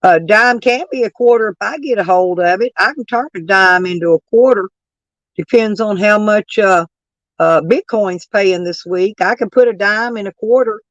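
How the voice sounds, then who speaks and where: Reading her chat aloud, this livestream host rants casually and swears freely, bickering with viewers while allergies leave her voice lower and raspy. Her pitch sits mid-range and her speed is normal. There's no echo, but the sound is lo-fi.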